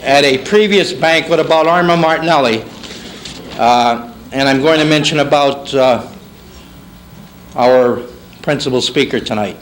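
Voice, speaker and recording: A man's voice: medium pitch, unhurried, long pauses, rough recording. A man, emceeing a banquet and telling comic stories, slipping into other people's voices as he goes. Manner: animated, puts on a child's voice and his mother's. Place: banquet hall. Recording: faint room noise, 1991 banquet tape.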